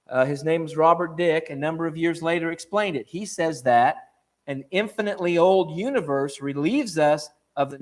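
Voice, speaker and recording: A man giving an evening church talk, lively and conversational, often restarting and checking in with questions to the room. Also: a little high. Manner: animated, repeats and restarts, asks the room questions. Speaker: preacher.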